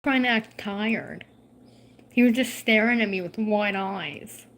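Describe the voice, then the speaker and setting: A woman's voice: mid-range voice, a little slow, a bit bright. A woman vlogging at home in casual chat to camera, swearing and teasing her cat.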